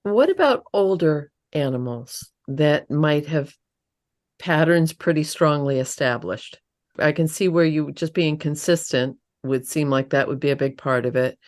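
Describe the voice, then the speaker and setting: A woman's voice: low voice, expressive, a little slow, darkish tone. A woman host asking a guest questions in a rambling, searching way. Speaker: podcast host. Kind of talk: conversational interview.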